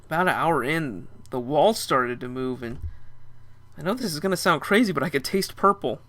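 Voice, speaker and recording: A man's voice: on the high side, animated, normal speed, bright, forceful tone. A young man narrating a first-person story in a casual, chatty way.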